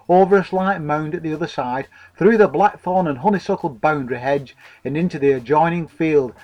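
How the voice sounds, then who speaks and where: A man's voice: a little high, a little mellow, rough recording. A man narrating a comic story in a dry, wordy, mock-formal way.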